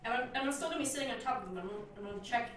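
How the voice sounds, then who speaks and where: A woman's voice: fairly high pitch, very fast, very echoey, distant mic, background noise. A woman playing in a tabletop game, eager and giggly. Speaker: player. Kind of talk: casual tabletop game chat.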